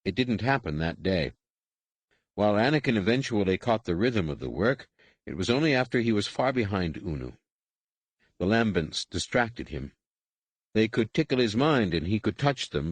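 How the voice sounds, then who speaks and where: Low-voiced man narrating an audiobook. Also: husky, dry recording. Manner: even, measured storytelling. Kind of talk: scripted narration.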